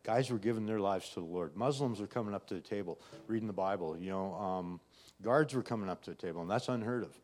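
A man's voice: on the low side, fast talker, darkish tone. A middle-aged man giving a personal faith testimony in a conversational way, often adding "right?" and "you know". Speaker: testimony speaker.

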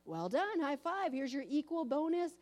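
A woman's voice: high voice, very animated, moderate pace, a little mellow, voice pushed up. A woman voicing a cheerful male boss in a parable, breezy and upbeat.

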